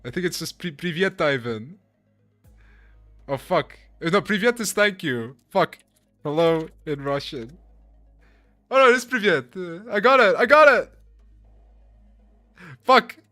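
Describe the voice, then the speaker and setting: Bright-voiced man streaming a game casually. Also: a little high, no room sound. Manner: casual, profane, laughs often, apologetic to chat. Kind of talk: live game stream, chatting with viewers.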